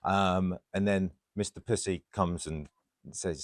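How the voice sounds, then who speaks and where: A man with a very deep, low voice tells funny stories in a casual chat, laughing along as he goes. He talks like a former holiday rep looking back on his work. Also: moderate pace. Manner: laughing anecdotal storyteller.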